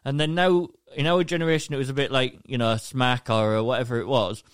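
A man's voice: medium pitch, steady tone, quick pace, clean tone, no room sound, studio quality. A young man, chatting casually on a podcast and rambling with lots of fillers. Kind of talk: casual chat.

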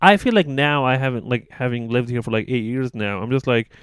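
Guest comic from Libya, mid-pitched and easygoing, filler-heavy chat. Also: male voice, fairly quick, clear, resonant tone, no room sound. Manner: relaxed storytelling, heavy use of "like". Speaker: podcast guest, comedian. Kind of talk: casual chat.

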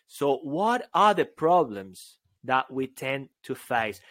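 A man co-hosting a podcast as a speaking coach, joking around, breaking into song and bursts of shouting. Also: medium pitch, sing-song, takes it slowly, no room sound. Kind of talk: playful podcast banter.

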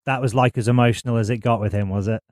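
A man hosts a relaxed chat, heaping admiration on his guest in long, rambling sentences full of fillers. His voice sits mid-range for a man. The sound is close and dry. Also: mid-range voice, quick pace, no echo. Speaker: host. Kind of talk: casual interview chat.

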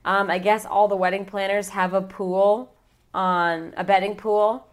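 A woman in casual podcast talk, walking through a movie's plot in a chatty, lively way. She often drops into brief impressions of the characters as she retells scenes. Her voice sits at an ordinary middle pitch. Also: unhurried. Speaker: podcast co-host. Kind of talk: casual movie recap chat.

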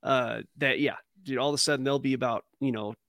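A man's voice: medium pitch, steady tone, brisk, fairly bright tone, no room sound, studio quality. Joking male co-host telling stories. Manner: joking, tells stories with goofy voices. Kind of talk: casual podcast chat.

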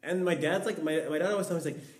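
A man's voice: fairly high pitch, fairly even intonation, racing, a little mellow. A young man, a podcast guest, telling a long story in a rambling way, full of "like". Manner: rambling, heavy use of "like". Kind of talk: storytelling in casual conversation. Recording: echoey room, distant mic.

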